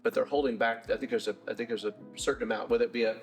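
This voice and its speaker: A middle-aged man talks shop in an interview, his voice sitting at an ordinary pitch. He wanders through his answers with plenty of restarts and "uh"s. Soft music plays faintly underneath. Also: steady tone. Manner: rambling, halting with many restarts and fillers. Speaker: bike shop owner.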